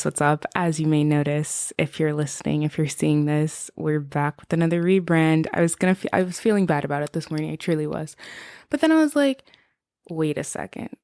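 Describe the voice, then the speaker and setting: Low-voiced woman rambling casually. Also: darkish tone, clean tone, no echo, studio quality. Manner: rambling, frequent "like" fillers. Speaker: vlogger. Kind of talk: casual chatty vlog.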